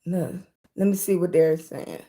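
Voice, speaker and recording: A woman's voice: fairly low pitch, unhurried, warm tone. A middle-aged woman hosting a casual livestream from her room, chatting and greeting viewers by name, often calling them baby. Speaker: livestream host.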